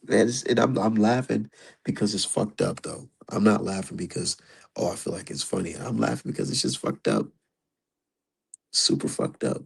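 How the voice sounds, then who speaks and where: A man's voice: fairly low pitch, moderate pace, creaky, pauses often, slightly rough, rough recording. A man streaming live, giving casual, profane commentary and talking straight to his chat. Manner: profane, animated, talks to chat.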